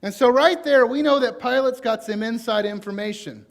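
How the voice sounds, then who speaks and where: A man with a high-pitched voice preaches in a Southern US accent. He speaks in a folksy, informal way, full of fillers like "you know" and "kinda". He leans on certain words with sudden emphasis. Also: moderate pace. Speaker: pastor. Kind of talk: conversational sermon.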